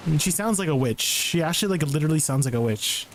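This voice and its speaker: A male streamer chatting casually over his game, playful and quick to laugh. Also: fairly high pitch, slight background noise. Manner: playful, giggly, excitable chatter.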